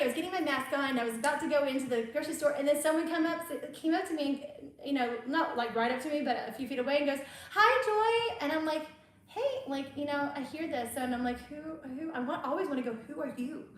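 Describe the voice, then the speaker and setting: A woman with a high-sitting voice talks quickly, hosting a casual chat and telling stories with lots of laughter. The room is very echoey, with faint background noise.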